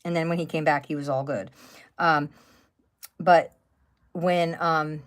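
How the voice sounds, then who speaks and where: A woman's voice: low voice, fairly even intonation, slow pace, pauses often. A woman in her fifties chatting casually on a live stream, telling rambling stories full of fillers and restarts. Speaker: craft channel host. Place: at home by a wood stove.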